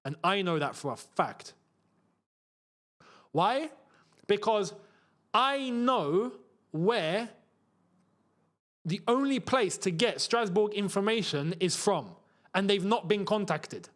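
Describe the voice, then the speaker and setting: Excitable man hosting a watchalong. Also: sits high, takes it slowly, long pauses. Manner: frustrated outbursts, repeats himself. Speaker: football watchalong host. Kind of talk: live casual commentary while reading chat.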